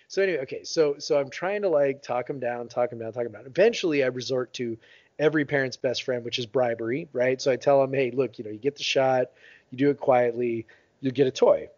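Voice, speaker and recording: A man's voice: medium pitch, animated, fairly quick, darkish tone, dry recording. A man co-hosting a podcast tells a rambling family story full of fillers and acted-out quotes. His voice sits in a middle range and jumps up when he mimics others. The audio is dry and a bit dull, like a home podcast setup. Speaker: podcast co-host. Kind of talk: casual storytelling chat.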